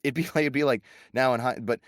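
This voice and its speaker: A man's voice: medium pitch, quick pace, no echo, studio quality. A man from the United States, a voice actor guest chatting casually on a podcast, telling stories with lots of laughter. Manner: laughing, animated storyteller.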